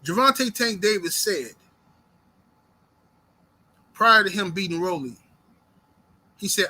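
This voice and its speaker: A high-pitched man with a sharp, forceful edge, hosting a heated boxing commentary. He swears freely and throws rhetorical questions at his listeners. His tone stays intense and combative. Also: expressive, slow, long pauses. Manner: profane, fired-up, fires rhetorical questions.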